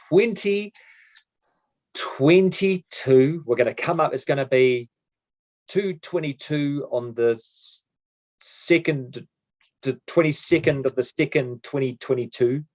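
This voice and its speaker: A man's voice: mid-range voice, measured pace, a little mellow. A man muses his way through casual podcast chat in a mid-range voice. He drops the odd swear word and lets his sentences trail off. The audio is slightly dull and muffled. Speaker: podcast co-host.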